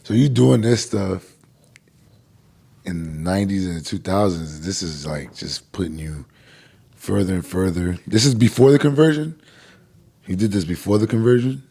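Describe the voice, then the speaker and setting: A man's voice: low voice, moderate pace, creaky, pauses often, dark tone, breathy edge. A man hosting a casual podcast conversation, asking follow-up questions and chiming in with short encouraging responses. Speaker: podcast host.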